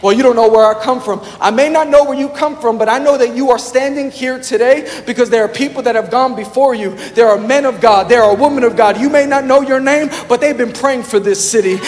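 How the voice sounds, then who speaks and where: A man preaching a sermon with passion, shouting at times and firing rhetorical questions at the congregation. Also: extremely high pitch. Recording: long hall reverb with music underneath.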